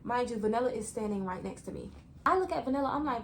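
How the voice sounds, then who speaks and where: A young woman vlogger telling a story to her viewers in a chatty, animated way. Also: a little high, fast talker, a little hiss or hum. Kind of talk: story time vlog.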